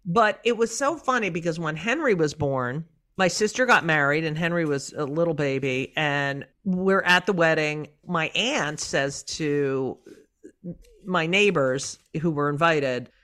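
A middle-aged woman comedian, guest on a casual podcast, telling stories in an animated, profane way. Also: deep voice, a little slow.

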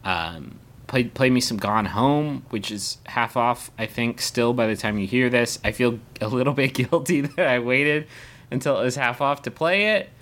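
A young man co-hosting a casual comedic podcast chat, telling jokey stories with sudden high-pitched asides. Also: moderate pace, fairly bright tone. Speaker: podcast co-host.

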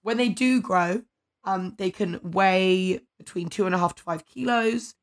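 A woman's voice: medium pitch, measured pace. A woman with an English accent co-hosting a podcast in casual chat, talking loosely with lots of "like" and "you know what I mean". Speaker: podcast co-host.

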